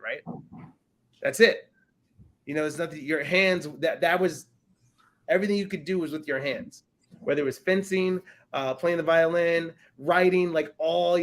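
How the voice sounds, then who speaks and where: A man in his thirties hosting a podcast, chatting casually about a film and acting out quotes with lively energy. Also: on the high side, fairly quick, low-quality recording. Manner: animated, storytelling, acts out quotes. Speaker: podcast host. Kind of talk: casual film review chat.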